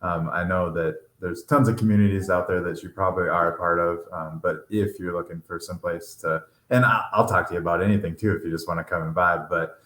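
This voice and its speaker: A man's voice: low-pitched, steady tone, fairly quick, hardly any pauses, fairly bright tone. A man hosting a casual podcast chat, rambling and laughing easily. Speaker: podcast host. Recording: roomy echo.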